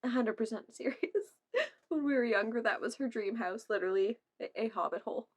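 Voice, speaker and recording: In this casual meme-reaction vlog, a young woman talks quickly in a highish voice with lively intonation. She laughs frequently, swears, and puts on silly, playful voices.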